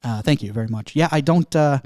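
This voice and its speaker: A man's voice: mid-range voice, fairly quick, darkish tone, dry recording. A man hosting a podcast, rambling through a casual chat with fillers and self-deprecating asides. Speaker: podcast host.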